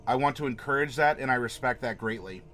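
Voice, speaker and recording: A man's voice: mid-range voice, quick pace, a bit bright. A man hosting a casual livestream, chatting with viewers in a rambling, friendly way and laughing often. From Florida. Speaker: livestream host. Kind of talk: casual livestream chat reading viewer comments.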